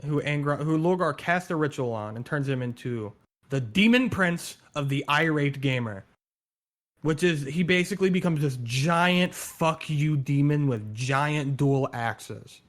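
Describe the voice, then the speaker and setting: Excitable dude w a slightly high voice, rambling about lore, swears a lot. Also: male voice, unhurried. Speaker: co-host explaining lore. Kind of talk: casual chat.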